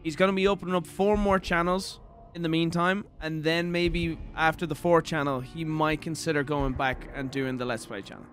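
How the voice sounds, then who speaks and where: Young Irish male streamer, profane rambling commentary, bright edgy tone, slightly high pitch. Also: steady tone, normal speed, few pauses, soft background music. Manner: profane, laughing, ranting. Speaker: gaming streamer. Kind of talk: casual live-stream commentary.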